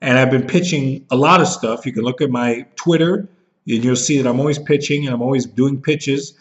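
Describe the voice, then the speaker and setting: A man's voice: medium pitch, fairly quick. Angry ranting man, slightly dull recording. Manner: bitter, profane, jumps into mocking voices when he is upset. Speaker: vlogger. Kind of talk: angry rant to camera.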